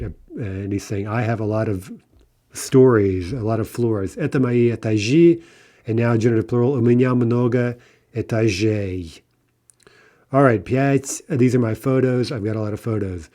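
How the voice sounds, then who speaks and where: A man's voice: mid-range voice, warm tone. A man teaching a recorded language lesson, explaining endings step by step and often checking in with "right?" between examples.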